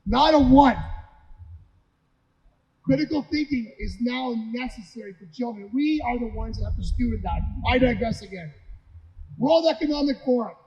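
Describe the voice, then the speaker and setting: A man's voice: very high-pitched, animated, moderate pace, long pauses, a little hiss or hum. A man giving an impassioned rally speech, firing off rhetorical questions and repeating words. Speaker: guest speaker at a rally. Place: indoor hall at a city hall. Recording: echoey hall, dull lo-fi sound.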